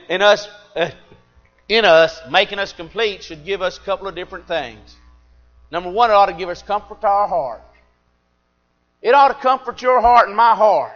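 A middle-aged man preaching a sermon, swinging between loud emphatic peaks and quiet confiding asides. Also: sits high, lo-fi sound.

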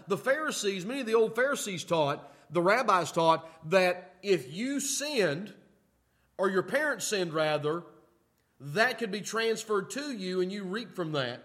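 High-voiced man preaching folksy. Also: lively intonation, unhurried. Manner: folksy, repeats "okay?" to check in with listeners; punchy rise and fall between loud emphatic lines and quiet asides. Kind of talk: sermon teaching.

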